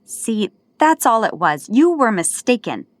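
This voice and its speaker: A woman's voice: on the high side, big pitch swings, measured pace, dry recording, pitched above the performer's own voice. A woman voicing an embarrassed, protesting young man of eighteen in an audiobook, with faint music behind. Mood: flustered. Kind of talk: audiobook character voice.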